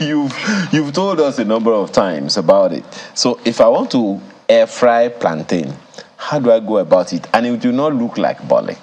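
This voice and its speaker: A man's voice: mid-range voice, big pitch swings, normal speed, darkish tone, a little hiss or hum. A man hosting a casual studio talk show, teasing and interrupting his guests.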